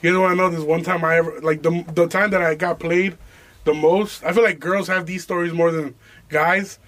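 A young man with a fairly high voice hosts a podcast. He tells a story in casual, profane slang and breaks into laughs. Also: fairly even intonation, brisk, fairly bright tone. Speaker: podcast host.

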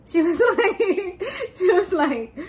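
A woman's voice: very high voice, expressive, slow pace, a little mellow, low-quality recording. A young adult woman casually recapping a TV episode, chatty and laughing often, swearing and acting out what characters said. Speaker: podcast host recapping a TV episode.

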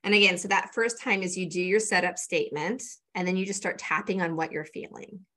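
A woman's voice: fairly low pitch, fairly even intonation, a little fast, bright, forceful tone. A woman, a coach, casually explaining and demonstrating a tapping routine step by step, with plenty of fillers. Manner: conversational, walks through steps with many fillers. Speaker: energy coach guest.

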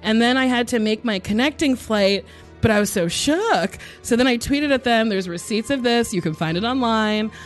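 Frank, animated woman comedian. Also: a little high, moderate pace, faint music behind. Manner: frank, animated storyteller with playful asides. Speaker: stand-up comedian. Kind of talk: answering rapid-fire questions.

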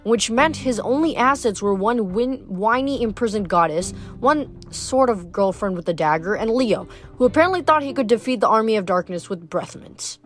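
A woman's voice: on the high side, lively intonation, moderate pace, faint music behind. A woman summarizing and then reading a novel aloud, with frequent restarts and self-corrections. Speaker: book reader.

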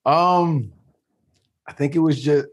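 Relaxed rambling man in an interview. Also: on the high side, slow pace, slightly rough. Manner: relaxed, rambling, many restarts and fillers. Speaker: actor being interviewed. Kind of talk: casual interview chat.

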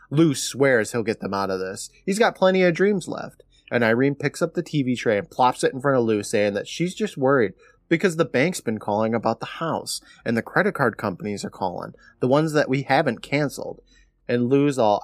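A man co-hosting a podcast, recapping an episode in an animated, casual way with quick laughs. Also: mid-range voice, no echo. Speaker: podcast co-host.

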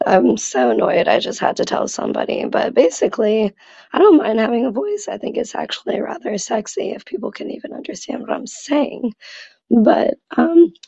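Lady doing a croaky gravelly gal leaving a voicemail, voice totally shot, dark and muffled, catty venting. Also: fairly high pitch, expressive, normal speed, no echo, exaggerated voice. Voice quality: gravelly, raspy. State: hoarse, lost voice. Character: hoarse gossipy woman caller who lost her voice. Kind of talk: comedy voicemail sketch.

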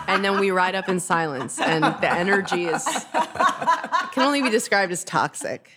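A woman comedian chats with a self-deprecating streak and tosses off quick jokey asides. There is clear background noise in the recording. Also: lowish voice, lively intonation. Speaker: comedian co-host. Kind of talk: casual podcast chat.

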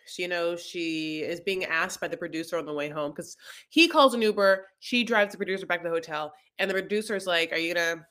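A woman co-hosting a podcast, chatting through a reality-show recap in a lively, storytelling way. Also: fairly low pitch, brisk. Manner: animated storyteller, acts out the quotes. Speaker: podcast co-host.

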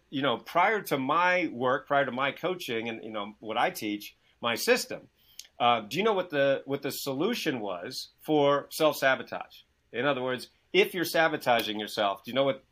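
A man guesting as an author and success coach on a video call, telling stories with lots of "you know" and acting out the dialogue in them. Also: medium pitch. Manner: energetic storyteller who acts out quoted dialogue; many fillers, "you know". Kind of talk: animated interview talk.

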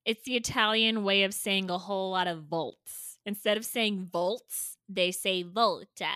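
A woman's voice: medium pitch, fairly even intonation, unhurried, pushed and bright, smooth, dry recording. Woman co-host, casual banter, teasing and playful, close dry mic. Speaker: podcast co-host. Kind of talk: casual chat.

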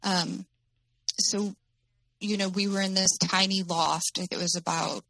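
A woman telling her own story as an interview guest, in a halting way with many fillers. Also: mid-range voice, fairly even intonation, creaky, fairly bright tone, no room sound, poor audio.

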